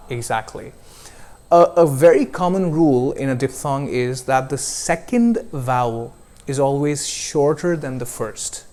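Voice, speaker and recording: A man leads a pronunciation lesson in a measured, unhurried voice. He models each vowel sound slowly and deliberately so the learner can repeat it. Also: mid-range voice, a little mellow. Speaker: accent coach.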